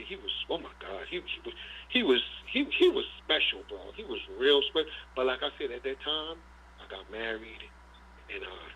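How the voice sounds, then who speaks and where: A middle-aged dog breeder, appearing as a guest in a casual storytelling interview, spins long rambling tales, swearing freely and often saying "you know what I'm saying." His voice is lowish, and the dull lo-fi recording carries a little hiss or hum.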